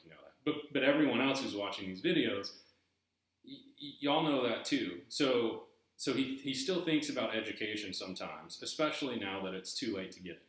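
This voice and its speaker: A man's voice: fairly low pitch, fairly bright tone. A man from eastern North Carolina with a Southern accent, hosting a casual video and rambling with many fillers and restarts. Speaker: YouTube host. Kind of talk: casual vlog commentary. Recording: very echoey room.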